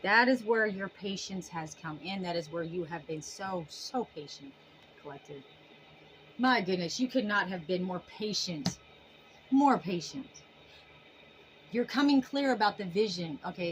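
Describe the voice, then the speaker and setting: A woman's voice: medium pitch, a little hiss or hum, low-quality recording. A woman giving a casual tarot reading to camera, emphatic and folksy, full of sassy endearments. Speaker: tarot reader.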